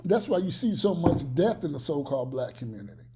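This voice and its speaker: A man's voice: a little high, sing-song, brisk, mellow, slight background noise. A man giving blunt, profane, preachy commentary in a casual reaction video.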